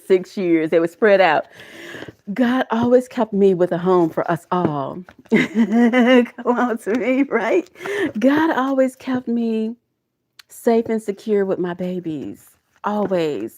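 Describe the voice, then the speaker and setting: A woman's voice: mid-range voice, a little mellow. A middle-aged woman giving a live tarot reading to her viewers, emotional and folksy, often laughing and turning preachy. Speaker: tarot reader.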